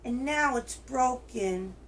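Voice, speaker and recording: A woman voicing a small young male bear cub in a wee little high voice, for a read-aloud storybook. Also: slow pace, slight background noise. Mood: plaintive.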